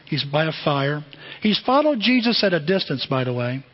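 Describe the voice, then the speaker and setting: A middle-aged man preaching a sermon as pastor, animated and conversational, often asking the congregation questions. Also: a little high, moderate pace. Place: church sanctuary. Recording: dull, muffled sermon recording with long hall reverb.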